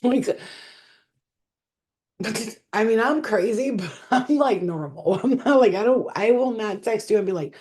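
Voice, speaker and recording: A woman's voice: medium pitch, moderate pace, pauses often, a little mellow. A woman hosting a casual livestream as a spiritual healer, rambling, swearing freely and laughing often.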